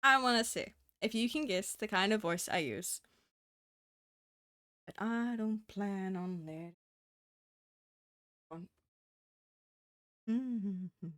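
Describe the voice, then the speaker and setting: A woman's voice: mid-range voice, takes it slowly, pauses often, fairly bright tone, no room sound, studio quality. A woman streamer in casual live-stream chat, swearing freely, laughing often and talking to her chat.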